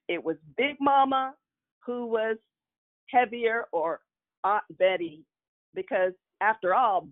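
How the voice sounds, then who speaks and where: A woman telling a personal childhood story with frequent chuckles, in a nostalgic way. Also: medium pitch. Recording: tinny phone-like line.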